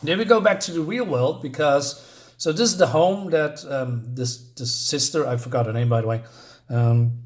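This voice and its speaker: A man's voice: mid-range voice, normal speed. Hesitant man reviewing a comic. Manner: hesitant, many ums and restarts. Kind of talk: casual spoken review.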